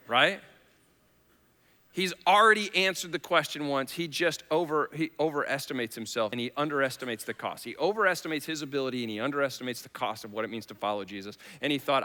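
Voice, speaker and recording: Male pastor, sermon, chatty delivery that swells into dramatic quoted lines, bright ringing tone, long hall reverb. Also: medium pitch, lively intonation, fairly quick. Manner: conversational preaching, acts out Bible quotes with rising intensity. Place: church hall.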